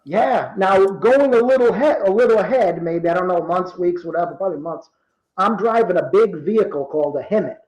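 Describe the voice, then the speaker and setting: A man in his fifties from Rhode Island, telling true stories in casual talk and acting out the quoted dialogue with lively energy. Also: sits high, a little fast, roomy sound, rough recording. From Rhode Island, USA. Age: 50s. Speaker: guest. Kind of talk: casual storytelling.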